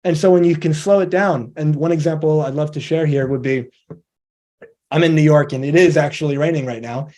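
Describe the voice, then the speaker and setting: Guy with a pretty high voice doing a motivational talk, walks you through it step by step, acts out little dialogues. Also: brisk, darkish tone. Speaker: presenter.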